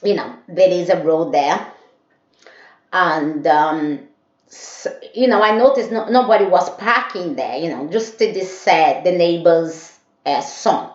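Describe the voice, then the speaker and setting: Woman vlogger, slow rambling storyteller; roomy, muffled home recording. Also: on the low side. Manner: rambling, repeats herself. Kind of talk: casual storytelling to camera. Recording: dull echoey room.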